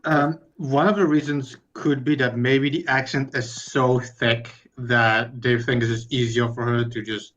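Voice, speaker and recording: A man's voice: medium pitch, steady tone, a little slow, few pauses, a bit bright. Blunt, swearing man on a lo-fi mic. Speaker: podcast co-host. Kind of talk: casual podcast chat. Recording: dull lo-fi mic.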